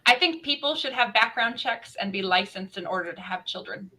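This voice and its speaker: A woman's voice: mid-range voice, expressive, brisk, sharp tone, low-quality recording. A woman in casual group chat, giving her opinions at length with many restarts.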